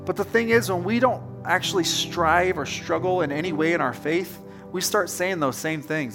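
A man's voice: fairly high pitch, lively intonation, moderate pace, music in the background. A male pastor giving a conversational sermon to his congregation, telling stories and speaking directly to them. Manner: casual, anecdotal, direct address to congregation. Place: church service.

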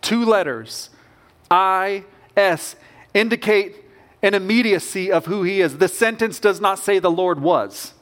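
A man's voice: sits high, measured pace, a bit bright. A man preaching a sermon as pastor, earnest and emphatic, with rising bursts of conviction.

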